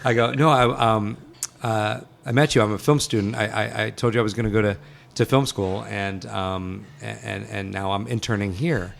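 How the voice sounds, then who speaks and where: A man, a guest filmmaker, telling an animated story and acting out the voices of the people in it. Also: lowish voice, normal speed, gravelly, slight background noise. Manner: excited, acts out dialogue in quotes. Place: film set.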